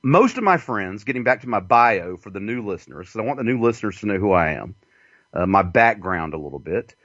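A man's voice: lowish voice, big pitch swings, brisk, a bit bright, no echo. A man with a Southern US accent hosting a radio show, rambling through a profane comic monologue and laughing often. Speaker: radio host. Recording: dull lo-fi dry sound.

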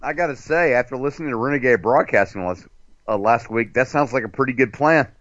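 A man's voice: mid-range voice, brisk, a bit bright, no echo. A man guesting on a casual radio talk show, mocking and profane, often slipping into silly voices. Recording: dull, dry lo-fi line.

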